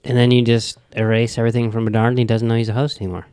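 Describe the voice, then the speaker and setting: A man's voice: mid-range voice, level tone, rapid-fire, a little mellow, smooth, no room sound, clean studio sound. A man co-hosting a casual podcast, speaking hesitantly and easygoing. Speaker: podcast co-host. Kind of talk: casual chat.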